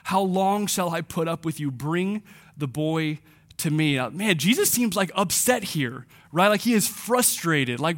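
Guy with a fairly high voice preaching, chatty, slows way down on key points. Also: animated, a bit bright. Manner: conversational preaching, slows for emphasis. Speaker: pastor. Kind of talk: sermon.

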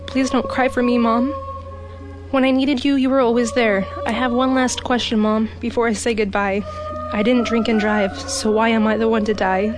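A woman's voice: a little high, little pitch movement, normal speed, music in the background, natural voice. A woman reading a poem aloud as a young woman dying after a crash, emotional, her voice breaking, recorded in a radio studio. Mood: desperate. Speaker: poem reader.

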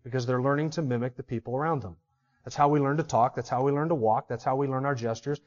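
A man's voice: mid-range voice, fairly even intonation, quick pace, highs cut off. A man preaching a sermon to his congregation, emphatic and putting rhetorical questions to them. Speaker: pastor.

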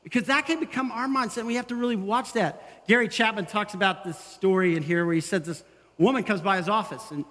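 High-voiced man preaching in a reverberant hall. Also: fast. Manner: animated, acts out quoted voices. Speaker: pastor. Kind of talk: sermon.

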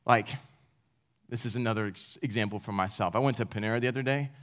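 A young man gives a talk to a room of college students. His style is relaxed and conversational. He teases himself as he makes his points and laughs along with his own stories. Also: fairly low pitch, quick pace. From United States. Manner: casual, self-deprecating, with laughs. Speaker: campus speaker.

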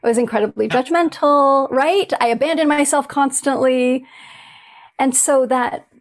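A woman's voice: high voice, moderate pace. Earnest, reflective woman. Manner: earnest, searching, with many restarts. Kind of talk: reflective casual conversation.

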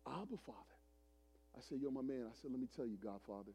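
A man in his forties preaching a sermon as a pastor, telling a story dramatically, swinging from loud preaching to hushed retelling. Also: medium pitch, very fast, soft background music. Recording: long hall reverb.

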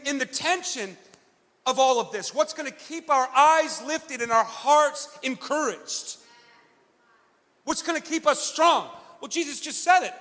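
A man's voice: very high-pitched, sharp tone, long reverb tail. A man preaching a sermon, earnest and self-deprecating, often restarting his sentences. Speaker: pastor.

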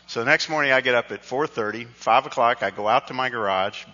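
A pastor with a bright, forceful voice tells a funny story from the pulpit, loose and conversational. His voice rings through a big hall with a long tail of reverb, and the sound is slightly dull. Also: mid-range voice, fast. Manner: conversational storytelling, self-deprecating. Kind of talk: sermon with personal story.

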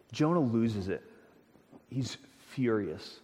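Emphatic pastor preaching in a reverberant hall. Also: male voice, on the high side, moderate pace. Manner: expressive, emphatic storytelling with stammered restarts. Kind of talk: sermon.

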